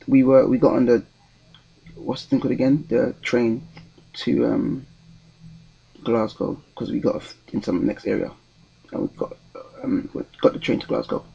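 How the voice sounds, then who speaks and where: A man's voice: mid-range voice, moderate pace, vocal fry, pauses often, warm tone, husky, muffled recording. A young man, telling a story in a casual vlog with a rambling, hesitant delivery full of ums and restarts. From London, England. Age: 20s. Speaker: vlogger.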